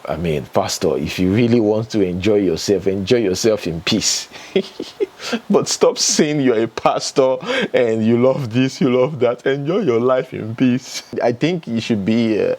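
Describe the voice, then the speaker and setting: A fairly low-voiced man with a Nigerian accent hosts an entertainment news vlog. He reads out headlines and social media posts, then chats about them with his viewers in a casual, opinionated way. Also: darkish tone.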